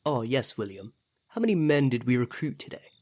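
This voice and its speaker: A man playing a gruff middle-aged army commander in a medieval cartoon, speaking with curt authority and a weary edge. His voice sits at an ordinary middle pitch. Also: very animated, a little fast, a little mellow.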